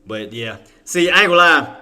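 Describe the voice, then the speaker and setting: A Louisiana man with a Cajun accent gives loose, excited livestream commentary about trading stocks, peppering it with Southern slang and correcting himself often. His voice is fairly high, and he talks at a normal speed.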